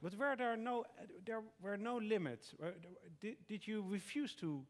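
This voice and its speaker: A man's voice: high voice, expressive, moderate pace. A man interviewing an author on stage in a debate hall, hesitant, with many filler sounds as he searches for words. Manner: hesitant, many "uh"s, frequent listening murmurs. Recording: reverberant hall.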